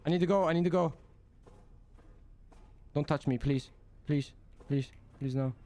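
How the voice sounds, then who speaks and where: A man's voice: on the high side, a little slow, warm tone. Jumpy young man playing a game. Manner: jumpy, swears, talks to himself. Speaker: gameplay streamer. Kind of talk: let's play commentary.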